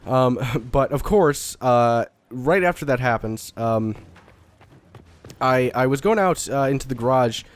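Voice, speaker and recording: A man's voice: mid-range voice, animated, a little slow. Young man from Texas, a bit stuffy from a cold, rambling let's-play talk with casual swearing and lots of ums. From Dallas–Fort Worth area, Texas. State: getting over a cold. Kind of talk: casual gameplay commentary.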